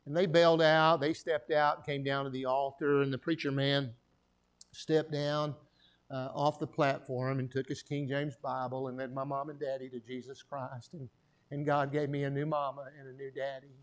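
A man's voice: medium pitch, level tone, moderate pace. A middle-aged man from Texas with a Texan accent, preaching a sermon and telling his own story in a folksy way, calling for amens. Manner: folksy, calls for amens from the congregation. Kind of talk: sermon with personal testimony.

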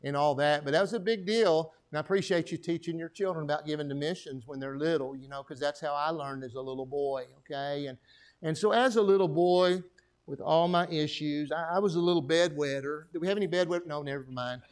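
A man's voice: a little high, brisk. A middle-aged man from Texas with a Texan accent, preaching a sermon and telling his own story in a folksy way, calling for amens. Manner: folksy, calls for amens from the congregation. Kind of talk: sermon with personal testimony.

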